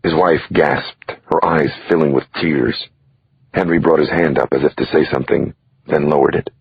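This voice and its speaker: Brief: deep, husky male audiobook reader, measured and dramatic, dry lo-fi sound. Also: steady tone, no echo. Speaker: audiobook narrator. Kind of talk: scripted audiobook narration.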